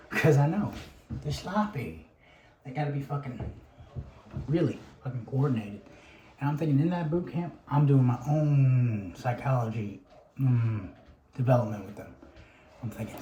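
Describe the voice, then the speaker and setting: A man's voice: mid-range voice, animated, moderate pace, pauses often, mellow, a little hiss or hum. A man in a rambling, profane casual monologue, sighing often and restarting his sentences. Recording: roomy room, faint ambience.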